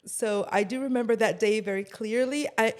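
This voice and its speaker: A woman's voice: on the high side, moderate pace. A woman from Egypt in her thirties, a kids life coach and podcast guest who talks thoughtfully and laughs often. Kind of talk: podcast interview.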